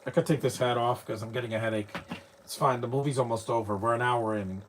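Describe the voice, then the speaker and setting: A man's voice: medium pitch, fairly even intonation, fast, slight background noise. Chatty man riffing over a movie. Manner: chatty, laughs often, mocking asides. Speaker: movie commentator. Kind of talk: casual live movie commentary.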